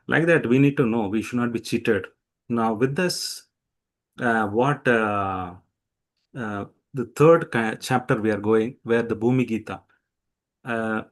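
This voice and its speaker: A male teacher explaining scripture from slides with a midrange voice. He tells stories animatedly and acts out quotes. He often stops to restart sentences, with many fillers. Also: mid-range voice. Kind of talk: devotional scripture talk with slides.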